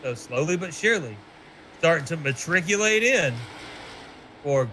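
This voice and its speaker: A race commentator from Tennessee, a man with a somewhat high voice, calls the laps and pit stops in a loose, joking manner. A steady hiss of background noise sits under his voice throughout. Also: normal speed. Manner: chatty, joking, teasing his co-host. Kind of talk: sim racing broadcast commentary.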